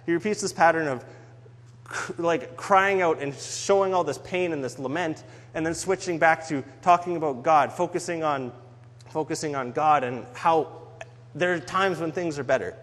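A man's voice: fairly high pitch, moderate pace, a bit bright. A man giving a sermon on a psalm in an earnest, conversational way. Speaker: preacher. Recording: long hall reverb.

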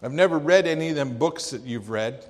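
A man's voice: fairly high pitch, animated, brisk, in a large hall. A man voicing a blunt, plain-spoken old country preacher, folksy and emphatic.

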